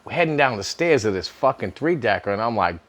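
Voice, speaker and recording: A man's voice: medium pitch, fast talker. A middle-aged man casually telling a personal story to camera, swearing freely and laughing often. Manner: profane, laughing often, animated.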